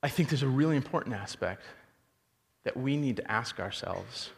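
A man preaching a sermon as a pastor, animated storytelling and rhetorical questions. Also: medium pitch, normal speed, vocal fry, long reverb tail.

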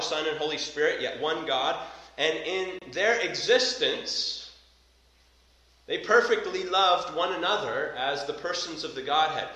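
Emphatic preacher in an echoey hall. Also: male voice, fairly high pitch, sharp tone. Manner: earnest, emphatic preaching with repetition. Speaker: pastor. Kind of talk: sermon.

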